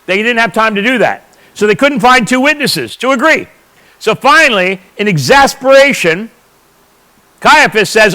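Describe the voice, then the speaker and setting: A man's voice: high voice, very animated, normal speed, sharp tone, low-quality recording. A man teaching a church audience, explaining points emphatically and answering his own questions. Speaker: Bible teacher.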